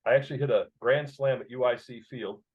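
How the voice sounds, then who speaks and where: A man's voice: mid-range voice, steady tone, a little fast, a little mellow, husky. Emotional Chicago-raised man telling stories. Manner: emotional, vivid storyteller. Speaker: author and guest. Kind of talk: storytelling interview. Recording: dull lo-fi sound.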